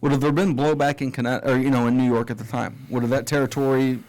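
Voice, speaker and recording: A man's voice: medium pitch, level tone, quick pace, a little mellow. A man co-hosting a wrestling podcast, thinking aloud in a rambling way, restarting sentences and swearing. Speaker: podcast co-host. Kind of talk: casual wrestling podcast chat.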